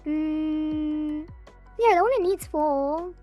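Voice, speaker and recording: A woman's voice: high-pitched, extremely slow, dark tone, faint music behind. A woman streamer chatting casually with her viewers about game development, thinking aloud, hedging and laughing often, with a slightly cracking voice. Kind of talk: casual live-stream chat.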